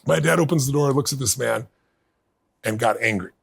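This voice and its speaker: A middle-aged man being interviewed, telling a personal story in earnest and building to bursts of excitement. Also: mid-range voice, normal speed. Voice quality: gravelly, husky. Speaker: guest.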